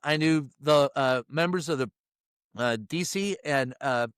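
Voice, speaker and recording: A middle-aged man with a fairly high voice tells stories as a guest in a relaxed interview. He speaks bluntly, chuckles through his sentences and slips into the voices of the people he quotes. The sound is dry and close, with no room echo. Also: a little slow, clear, resonant tone. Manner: animated storyteller who acts out quotes and laughs mid-sentence; blunt, salty wording. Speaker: White House reporter, guest. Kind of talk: casual storytelling interview.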